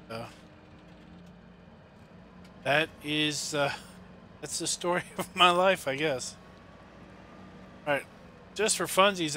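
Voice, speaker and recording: A man's voice: fairly high pitch, sharp tone, slight background noise. A man casually chatting and telling stories while streaming a farming game, rambling with lots of fillers. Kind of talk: casual gameplay chat and storytelling.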